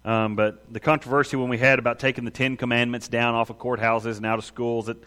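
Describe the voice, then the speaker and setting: A man preaching a sermon to his congregation, animated and emphatic, often calling out for an amen. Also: mid-range voice. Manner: animated preaching with quick acted voices; asks the congregation for amens. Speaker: pastor.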